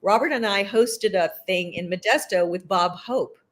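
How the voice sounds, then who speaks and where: A chatty woman telling lively stories in a relaxed interview, her voice pitched right in the middle of the usual range. She talks like an actress reminiscing, quick to laugh between anecdotes. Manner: chatty, animated storyteller who laughs often. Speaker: actress guest. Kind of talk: casual interview chat.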